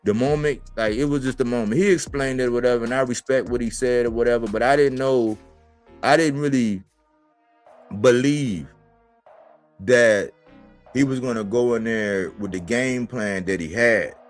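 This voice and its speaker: With a medium-pitched voice at normal speed, a boxing commentator runs his livestream show over soft background music. He speaks in slang with plenty of emphasis and keeps repeating points for stress.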